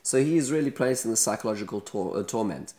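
A man's voice: on the low side, animated, fast talker, mellow. A man giving a daily scripture study lesson, explaining the text and asking rhetorical questions. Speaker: Bible teacher.

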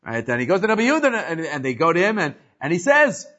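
A man teaching a casual religious class, telling a story with lively energy. His voice sits a little high, and he often restarts mid-sentence. The recording is muffled and lo-fi. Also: racing. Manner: animated storyteller with frequent restarts. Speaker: Torah teacher.

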